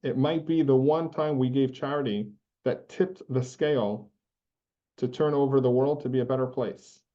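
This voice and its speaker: A man teaching a class as a rabbi, telling a story in an earnest, quick narrative way. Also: mid-range voice, dull audio. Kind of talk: storytelling lesson.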